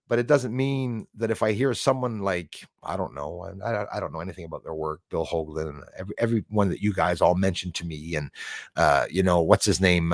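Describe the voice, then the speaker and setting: A man's voice: low voice, no room sound, clean studio sound. A man hosting a live stream in a casual way. He rambles emphatically, with many fillers, and reads out chat comments.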